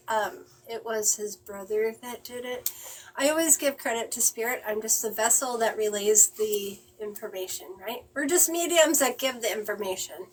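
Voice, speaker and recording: A woman medium giving a live-stream reading. She talks in halting, emotional bursts with many fillers and sighs. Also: on the high side, low-quality recording.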